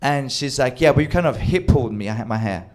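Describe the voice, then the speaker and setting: A man telling a wild personal story with animated delivery, acting out quoted lines and swearing freely. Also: medium pitch, fast talker. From Sweden. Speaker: storyteller on a comedy show. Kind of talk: live comedic storytelling.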